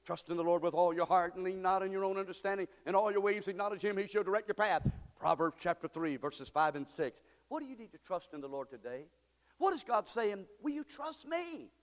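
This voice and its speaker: A man preaching a sermon as pastor, moving between quiet asides and shouted, fervent appeals. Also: sits high, fairly quick. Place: church sanctuary. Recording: long church hall reverb.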